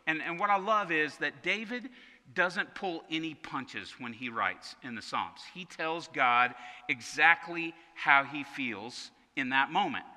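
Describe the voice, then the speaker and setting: A man's voice: fairly high pitch, sharp tone, in a large hall. A man preaching a sermon as pastor, talking conversationally and often repeating words as he restarts.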